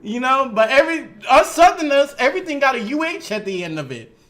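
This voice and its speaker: A man's voice: extremely high pitch, brisk. A man with a Louisiana accent, a podcast co-host chatting casually and telling stories with lots of laughter and cursing. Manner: animated, laughs often, profane storytelling. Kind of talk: casual chat.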